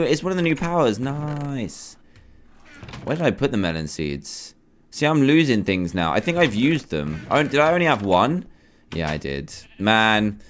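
A man in his twenties giving animated, self-mocking commentary on his Minecraft survival game, talking to himself as he plays. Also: mid-range voice, moderate pace. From England. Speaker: gaming YouTuber. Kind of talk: Minecraft let's play commentary.

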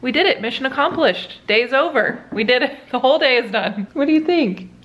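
A woman's voice: sits high, animated, fairly quick, fairly bright tone, muffled recording, a little hiss or hum. A woman in her thirties hosting a casual family vlog at home, chatty and laughing often. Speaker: vlog host. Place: home kitchen.

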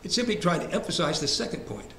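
A man's voice: high-pitched, very animated, quick pace, fairly bright tone. A man leading a church Bible study class in a conversational way, asking the group questions and repeating verse references. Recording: echoey room, faint ambient hiss.

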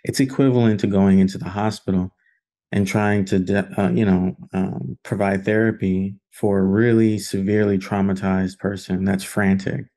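A man's voice: low voice, fairly even intonation, moderate pace, warm tone. A man leading an online film study group, talking in an earnest, conversational way with plenty of fillers. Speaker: discussion leader.

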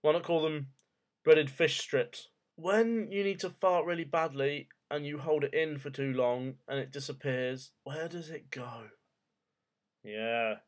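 A man's voice: a little high, unhurried. Rambling young man asking odd questions. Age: 20s. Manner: jokey, rambling rhetorical questions, swears casually. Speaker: vlogger. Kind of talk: casual rambling monologue.

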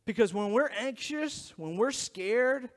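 A man preaching a sermon as pastor, in a conversational, animated style, acting out quotes along the way. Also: very high-pitched, slow pace, big-room sound. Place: church sanctuary.

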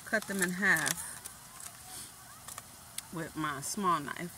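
Chatty, self-teasing home cook talking over a loud frying pan in a noisy kitchen. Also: mid-range voice, very slow. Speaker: cooking vlogger. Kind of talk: casual chat while cooking. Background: sizzling pan and stirring.

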